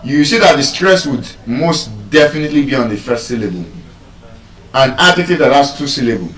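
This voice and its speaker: A man teaching pronunciation to a class, animated and repetitive as he drills words aloud. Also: mid-range voice. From Nigeria. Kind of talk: classroom lesson. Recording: echoey room, voice from far off.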